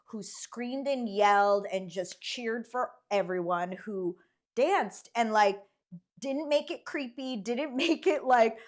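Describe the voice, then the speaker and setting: A woman hosting a casual interview chat, playful and animated, often humming agreement while her guest talks. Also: fairly high pitch, slow. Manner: animated, playful, frequent backchannel hums. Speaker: host.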